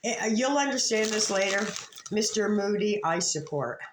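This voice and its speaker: In a mid-range, expressive voice at a moderate pace, a woman delivers loose, profane online commentary for YouTube, rambling and frequently starting her sentences over. There's background noise, and the room echoes.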